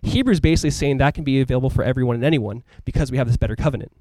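A man preaching a sermon as a pastor in a casual, conversational and animated way, full of asides to the congregation. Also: mid-range voice, racing, dry recording. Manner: animated, emphatic delivery.

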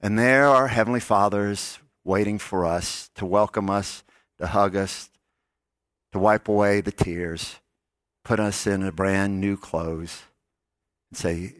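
Soft-spoken preacher, dry sound. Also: male voice, a little slow, no room sound. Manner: storytelling, drops to soft low tones on key lines. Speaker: pastor. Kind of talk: sermon.

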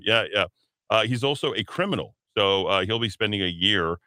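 A man rambles through a talk radio segment with a sardonic edge and plenty of fillers. His voice is a little low, bright and clear. The studio sound is dry and close. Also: expressive, moderate pace, no room sound. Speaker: radio talk show host.

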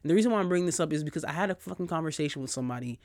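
Male solo podcaster, a touch high, cussing, animated, close and dry. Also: very fast, no echo. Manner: profane, animated storyteller. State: recovering from a cold. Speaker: podcast host. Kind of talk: casual solo podcast rant.

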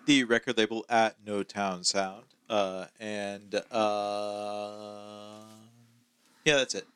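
Smooth low-voiced man, relaxed guest. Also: very slow. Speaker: podcast guest. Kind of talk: casual podcast chat.

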